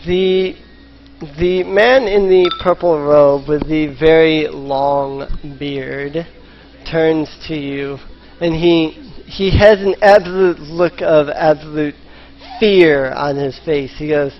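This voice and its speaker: Slow, hesitant male game master. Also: fairly high pitch, steady tone, faint music behind. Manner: hesitant, lots of ums and restarts. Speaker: dungeon master. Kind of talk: narrating a tabletop game. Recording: slightly muffled voice chat.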